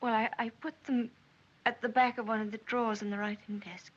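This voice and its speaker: A woman's voice: fairly high pitch, flat delivery, fairly quick, lightly acted. A young woman playing a shy, stammering wife. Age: young adult. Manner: hesitant, stammering, apologetic. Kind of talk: 1940s film acting. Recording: hissy, dull 1940s film soundtrack.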